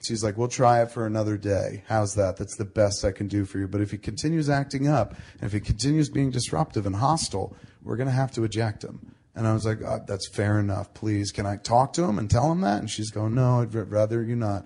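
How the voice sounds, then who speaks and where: A middle-aged man hosting a casual talk show, telling a long anecdote with a fairly low voice. He swears often and animates the story by quoting the people in it. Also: fairly quick, mellow. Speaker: podcast host.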